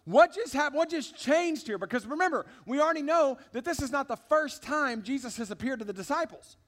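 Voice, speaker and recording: A man's voice: extremely high pitch, animated, a little fast. A man preaching a sermon in a church service, emphatic and conversational, talking straight to the congregation. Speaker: pastor.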